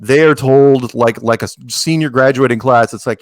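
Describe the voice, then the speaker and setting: A man guest on a casual podcast, telling stories with jokey asides and plenty of restarts. His voice sits at an ordinary middle pitch. The recording is close and dry, with no room sound. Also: normal speed, few pauses, dry recording. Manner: animated storyteller, jokey asides, frequent restarts.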